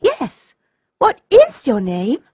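A woman voicing Princess Olga, an eager, excitable young girl, in a storybook reading. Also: high-pitched, takes it slowly, no echo, clean studio sound, pitched above the performer's own voice, exaggerated voice.

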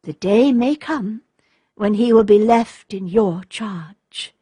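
A grave, tender princess speaks with a mother's sorrow, voiced by a woman reading a storybook. Her husky voice moves at an unhurried pace. It is recorded close and dry, with no room sound. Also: medium pitch, dark tone, dry recording. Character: gentle, sorrowful young widowed princess mother.

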